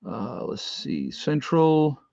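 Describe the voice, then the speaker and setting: A man hosts a casual livestream from home, halting through a long list of viewers' locations with frequent fillers. His voice sits in a middle register. The sound is dry and a little dull, like a basic streaming mic. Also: medium pitch, very animated, gravelly, dark tone, dry recording. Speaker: livestream host.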